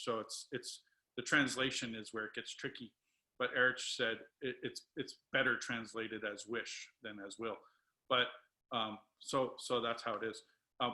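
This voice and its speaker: A man's voice: medium pitch, pushed and bright, poor audio. A man speaking as a guest on a video call, telling a spiritual story with emotion. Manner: emotional, tearful at times.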